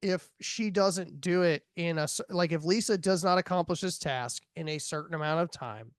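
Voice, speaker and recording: A man in his thirties hosting a podcast, talking casually in a rambling way, full of fillers and quick laughs. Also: a little high, no room sound, clean studio sound. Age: 30s. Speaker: podcast host reviewing a horror film. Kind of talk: casual chat.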